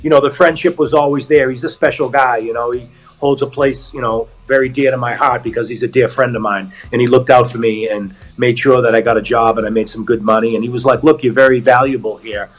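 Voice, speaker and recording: A man's voice: mid-range voice, quick pace, dull audio. A middle-aged man with a Boston accent, an actor guest chatting casually and telling stories. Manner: animated storyteller, acts out quotes. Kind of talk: casual chat.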